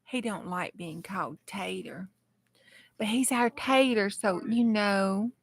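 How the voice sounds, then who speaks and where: A woman's voice: mid-range voice, slow pace, vocal fry, breathy edge. A middle-aged woman with a Southern American accent, hosting a casual crafting livestream and thinking aloud as she arranges journal pages. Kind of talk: casual live-stream chat while crafting.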